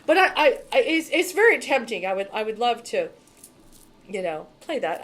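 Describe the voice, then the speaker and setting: A woman's voice: mid-range voice, moderate pace. Blunt, profane woman spiritual reader. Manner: blunt, profane, emphatic and animated. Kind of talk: casual monologue to camera.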